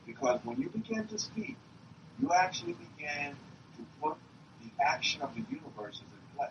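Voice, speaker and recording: A man preaching a sermon to a room, emphatic and repetitive, swinging up and down in pitch. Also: huge pitch swings, normal speed, creaky, fairly bright tone. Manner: emphatic, repeats himself, rises and drops in pitch. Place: meeting room. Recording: roomy, distant, dull lo-fi recording with faint hiss.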